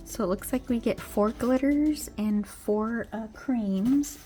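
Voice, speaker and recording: A woman hosting her own channel, unboxing a product with gushing delight, gasps and soft whispered exclamations. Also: on the high side, slow pace, hardly any pauses, over music. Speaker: nail polish channel host.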